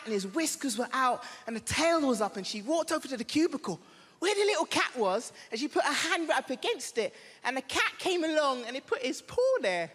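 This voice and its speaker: A man doing stand-up comedy, telling a story with animated delivery and acted-out voices. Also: extremely high pitch. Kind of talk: stand-up routine. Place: large theatre stage. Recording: live theatre with long reverb and loud laughter. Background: audience laughter.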